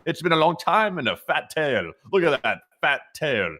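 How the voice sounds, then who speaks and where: A fussy, old-fashioned gentleman marmot, played by a man, clucking with prim exclamations and stiff courtesy. He comes across pompous and a little flustered, like a puppet character on a live show. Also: fairly high pitch, sing-song, normal speed, exaggerated voice. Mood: prissy. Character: prim, genteel male marmot, fussy and polite.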